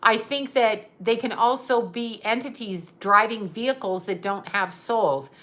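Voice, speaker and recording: A woman's voice: a little high, unhurried, bright, forceful tone. A woman working as a psychic medium, chatting casually on a livestream, rambling and laughing as she answers viewers. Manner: rambling, chatty, laughs often, reads viewer comments aloud.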